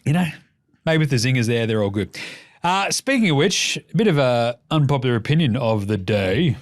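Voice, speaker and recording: A man's voice: medium pitch, expressive, fairly quick. A young adult man with an Australian accent hosting a basketball podcast, ranting in casual commentary with lots of swearing and sarcastic jokes.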